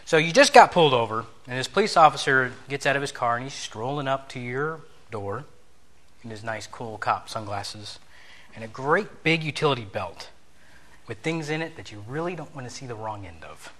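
A man's voice: medium pitch, expressive, normal speed, fairly bright tone. A man giving a conversational sermon lesson, telling a story, acting out bits of dialogue and asking his listeners questions.

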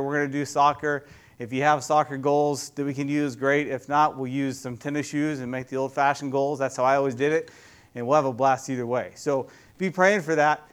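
A youth pastor giving a casual, conversational sermon in a church, often putting questions to the audience. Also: male voice, medium pitch, clean tone.

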